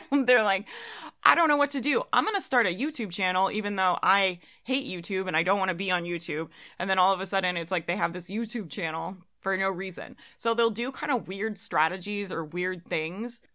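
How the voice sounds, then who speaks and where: A woman's voice: mid-range voice, sharp tone. A young adult woman talking casually as a business coach, laughing now and then at her own examples. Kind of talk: casual monologue.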